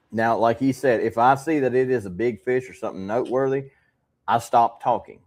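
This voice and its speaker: A man hosting a podcast, telling fishing stories in a calm, dry way with some laughs. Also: medium pitch. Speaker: podcast host. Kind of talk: casual podcast chat.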